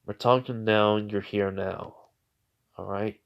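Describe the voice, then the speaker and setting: A man's voice: on the low side, fairly even intonation, measured pace, vocal fry. A man voicing a laid-back teenage boy ninja in an offhand, casual way, on a dull lo-fi recording.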